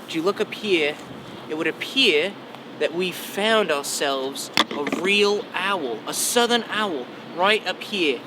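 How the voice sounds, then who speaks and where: A young man playing a bumbling, deadpan nature show host. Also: high-pitched, slow. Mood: mock-serious. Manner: mock-serious, rambling, deadpan. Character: bumbling overconfident male nature documentary host. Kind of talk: comedy sketch, mock documentary. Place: outdoors on a campus. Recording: noisy outdoor recording with traffic.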